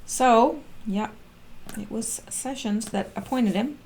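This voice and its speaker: A woman reading posts aloud slowly and commenting on them in casual chat, with frequent ums and restarts. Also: a little high, a little mellow. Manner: reads slowly and comments with fillers. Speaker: online commentator.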